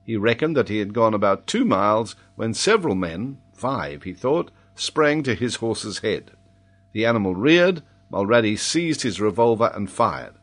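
Measured male audiobook narrator. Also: fairly low pitch. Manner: measured, even reading.

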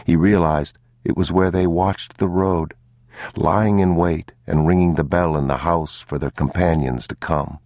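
A man narrating an audiobook in a slow, grave, measured manner. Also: sits low, fairly even intonation, darkish tone, no room sound, clean studio sound.

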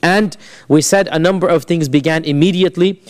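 A man's voice: fairly high pitch, a little fast. A man giving a conversational classroom lecture, asking the class questions and mixing in Arabic phrases. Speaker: Islamic history teacher.

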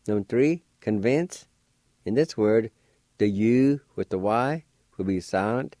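A man with a lowish, mellow voice gives a radio language lesson at a slow, measured pace. He spells each word out syllable by syllable with patient care and encourages his listeners. The recording is dry and close. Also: expressive, dry recording. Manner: encouraging to learners. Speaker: language teacher and radio host.

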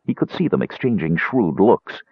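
A man reading a fantasy novel aloud in an expressive, dramatic narration. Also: on the low side, normal speed, husky, no echo. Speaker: audiobook narrator. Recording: tinny narrow-band dry recording.

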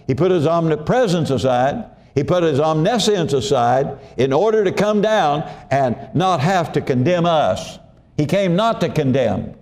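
A man's voice: medium pitch, darkish tone. A man preaching a sermon in a folksy way, often repeating himself and asking the congregation if they follow. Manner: folksy, repeats phrases, asks congregation questions. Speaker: pastor.

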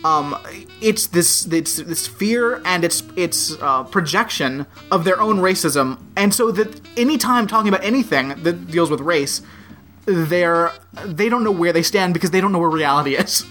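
Lively, thoughtful podcast co-host. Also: medium pitch, moderate pace, faint music behind. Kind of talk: casual chat.

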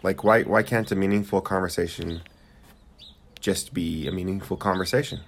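Young man, very low voice, casual rambling co-host, faint background hiss. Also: steady tone, normal speed. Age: young adult. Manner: rambling, hesitant with many fillers. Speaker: podcast co-host. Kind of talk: casual chat. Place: home room with squeaky chairs.

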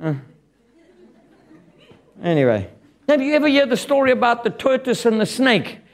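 A man preaching a sermon in an animated, blunt and joking way, quoting scripture and retelling a fable. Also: very high voice, normal speed.

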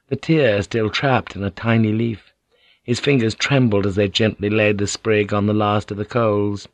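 A man reading a novel aloud in calm, even scripted narration. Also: fairly low pitch, no room sound. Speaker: audiobook narrator.

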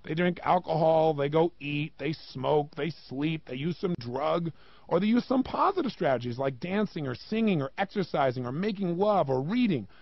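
A man giving a motivational talk, emphatic and animated, with many rhetorical questions and a gravelly voice. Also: on the high side, moderate pace, no echo, dull audio. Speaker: motivational speaker.

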